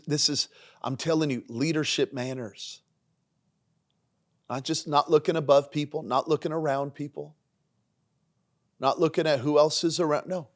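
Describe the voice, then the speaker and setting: A man, a pastor hosting a leadership podcast, teaching in a sermon style, driving points home with repetition and dropping into quieter asides. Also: medium pitch. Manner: emphatic and repetitive, swinging between punchy lines and quiet asides.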